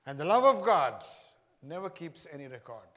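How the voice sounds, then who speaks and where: A man's voice: on the high side, very animated, normal speed, bright, forceful tone. A man preaching a sermon, repeating his questions to the congregation. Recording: echoey hall reverb.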